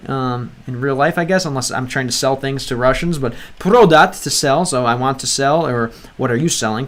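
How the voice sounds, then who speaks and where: A man's voice: a little high, a bit bright. A man giving casual commentary while playing a game, chatty and full of restarts, reading lines aloud and translating them. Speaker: language-learning gaming creator.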